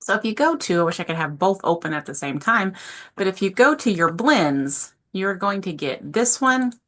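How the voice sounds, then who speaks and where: A composition instructor gives a casual screen-share tutorial from her home office, her medium-pitched voice animated and fairly bright at a moderate pace. She's chatty and informal and often corrects herself mid-sentence.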